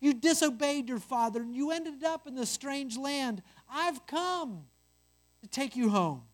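A reader voicing a calm, patient firstborn son sent to bring his brothers home, in a told parable. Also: sits high, measured pace, pitched above the performer's own voice. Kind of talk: storytelling.

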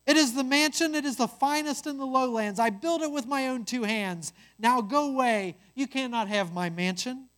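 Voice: mid-range voice, sing-song, a little slow, pitched above the performer's own voice. A reader voicing a stubborn, scornful brother who defends his hut, insistent and defensive, in a told parable. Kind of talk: storytelling.

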